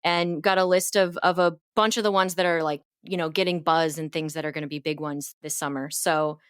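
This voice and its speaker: A woman's voice: low-pitched, fairly even intonation, a little fast, a bit bright, clean tone, dry recording, clean studio sound. A young adult woman co-hosting a casual chat, laughing often and steering the conversation. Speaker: co-host.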